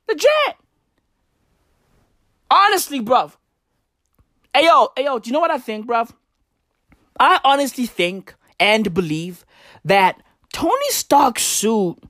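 A woman's voice: a little high, a bit bright, no room sound, clean studio sound. A woman delivering a crude, rambling, profane comedic rant in slangy bro talk.

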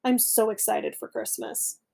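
Woman doing a chirpy excited little bird. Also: a little high, a little slow, gravelly, exaggerated voice. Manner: chirping, eager.

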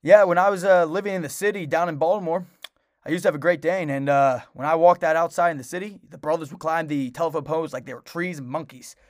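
A man's voice: a little high, fast talker, no room sound, studio quality, close to an everyday voice. A young man voicing an older male stranger who chats eagerly about his past and history. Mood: casual.

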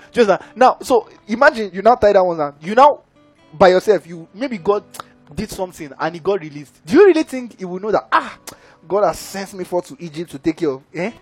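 A man with a high, husky voice preaches a sermon. He keeps asking his audience if they are with him, and soft music plays faintly behind him. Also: dry recording.

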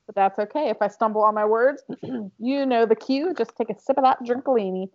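Young woman, casual chat, nervous, giggly, earnest, a bit high, muffled lo-fi audio. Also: a little fast, darkish tone. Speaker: podcast co-host. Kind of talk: casual chat and reading a wedding speech. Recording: dull, lo-fi sound.

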